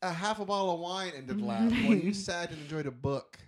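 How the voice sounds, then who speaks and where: A man co-hosting a podcast, joking, teasing and telling lively stories in casual chat. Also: high voice, fairly quick, crowd noise. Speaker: podcast co-host.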